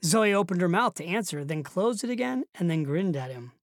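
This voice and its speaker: A woman narrating an audiobook in an expressive storytelling reading, close to the mic. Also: lowish voice, fairly quick, no room sound.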